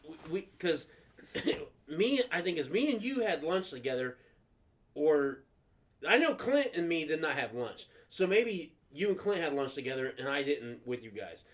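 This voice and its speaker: A man's voice: on the high side, sing-song, a little slow. A man hosting a casual podcast, telling profane stories and acting out other people's voices. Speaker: podcast host. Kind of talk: casual storytelling chat.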